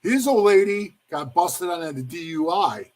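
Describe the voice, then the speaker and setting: A man with a husky, slightly high voice tells a rambling story in a casual interview. He keeps calling the listener "bro" and acts out the other people in the story in their own voices. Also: big pitch swings, measured pace, darkish tone. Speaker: former motorcycle club member telling his story.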